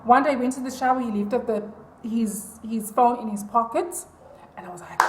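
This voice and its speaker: High-voiced woman telling a storytime vlog. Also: fairly quick, reverberant, noisy background. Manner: chatty, confiding storytelling with many fillers. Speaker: vlogger.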